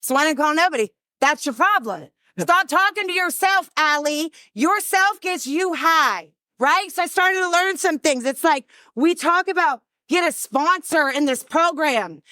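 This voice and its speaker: A woman with a high voice gives a frank testimony to a recovery group. She tells it with humor and plays out the other people in the story. The sound is close and dry. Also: lively intonation, a little slow, pushed and bright, no echo. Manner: candid, humorous storyteller who acts out voices. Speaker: speaker sharing her recovery story.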